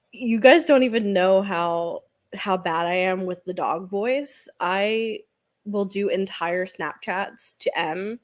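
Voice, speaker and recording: A woman hosting a read-along livestream, chatting casually, rambling with lots of fillers and frequent giggles. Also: fairly low pitch. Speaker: booktube host.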